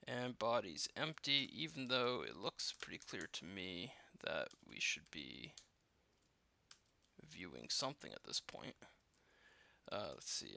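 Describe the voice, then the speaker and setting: A man's voice: sits low, gravelly, sharp tone. A man walking through code as he builds a game, thinking aloud with lots of fillers and self-deprecating asides. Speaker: programmer live-coding a game. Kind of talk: casual coding walkthrough.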